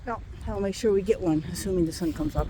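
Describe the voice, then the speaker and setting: A woman's voice: lowish voice, fast, rough recording. Chatty woman vlogging outdoors in wind. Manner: chatty, thinking aloud, describing what she sees. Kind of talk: casual handheld vlog narration. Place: outdoors at a rainy, windy beach campground. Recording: outdoor recording with loud wind and rain noise.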